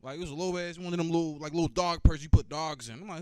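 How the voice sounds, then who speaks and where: Young male stand-up comic, fairly high voice, profane, teasing the crowd, dry and close. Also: fast, clean tone, no echo. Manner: animated, profane, bantering with the crowd. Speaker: stand-up comedian. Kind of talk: stand-up comedy.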